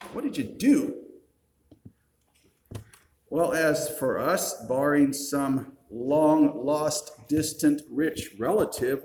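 A man's voice: fairly high pitch, darkish tone. A male pastor preaching a sermon. He reasons step by step, asks rhetorical questions and adds dry, wry asides. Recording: roomy echo.

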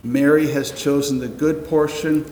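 Middle-aged pastor guy preaching, wry and chatty, slightly high voice, big echoey church room. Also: level tone, measured pace, mellow, a little hiss or hum. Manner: conversational, wry asides, rhetorical questions. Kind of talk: sermon. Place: church sanctuary. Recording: roomy echoing hall, faint ambience.

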